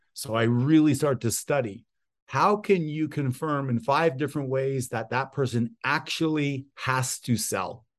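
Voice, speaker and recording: Middle-aged man, medium pitch, conversational interview, animated storyteller. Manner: animated storyteller, acts out quoted voices. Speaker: real estate guest expert.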